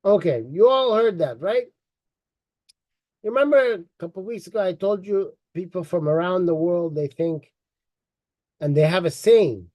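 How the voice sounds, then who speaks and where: Man hosting news commentary, high voice, slow delivery, emphatic, mocking. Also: mellow, no echo. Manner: emphatic, repeats and mocks the clip. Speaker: host.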